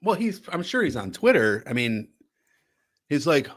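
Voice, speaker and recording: A man co-hosting a political stream from Connecticut, joking and stammering through quick restarts, laughing often. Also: fairly high pitch, big pitch swings. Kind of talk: casual political chat.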